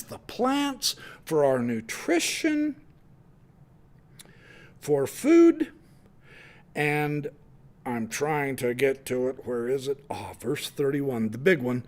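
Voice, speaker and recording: A man giving a sermon with enthusiastic, animated delivery and jokey asides. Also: fairly high pitch. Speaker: speaker at a Unitarian service.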